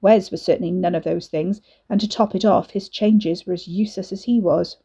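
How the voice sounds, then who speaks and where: A woman narrating an audiobook in a measured, expressive reading. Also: on the low side, gravelly, husky, highs cut off.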